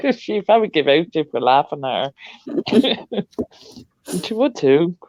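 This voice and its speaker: A woman's voice: on the low side, very animated, a little slow, darkish tone, no echo. An Irish woman co-hosting a casual livestream over a video call, laughing easily and poking fun at herself. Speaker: co-host of a craft livestream. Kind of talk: casual chat. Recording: dry, slightly dull call audio.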